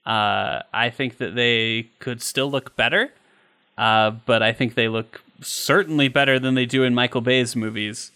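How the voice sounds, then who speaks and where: Bright-voiced joking man on a podcast. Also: medium pitch, fairly even intonation, measured pace, smooth. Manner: joking, laughs often, swears casually. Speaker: podcast co-host. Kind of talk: casual chat.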